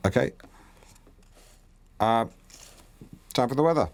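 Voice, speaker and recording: A pompous, blundering middle-aged radio host, who stumbles and corrects himself mid-sentence. His pitch swoops up and down with lively swings as he presents his show. He sounds smug and cheerfully clumsy. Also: slow pace. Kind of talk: sitcom radio-show acting.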